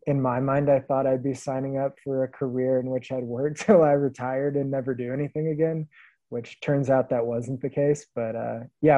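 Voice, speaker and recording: A man around thirty from the Pacific Northwest, telling stories in a relaxed podcast interview and laughing often. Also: mid-range voice, dry recording, rough recording. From Vancouver, Washington. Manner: easygoing storyteller, laughs often. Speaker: guest, long-distance hiker.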